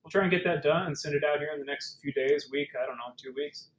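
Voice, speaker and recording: Man with a fairly high voice, presenting. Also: fast talker, poor audio. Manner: conversational, many fillers and restarts. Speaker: webinar presenter. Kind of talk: casual explanatory webinar talk.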